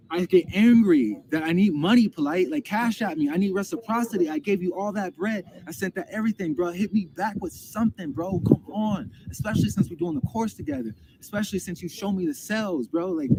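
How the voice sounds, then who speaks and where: A man with a high voice and vocal fry tells a story about a dispute in a casual, heated, profane way, often repeating himself. The recording is rough, with loud background noise.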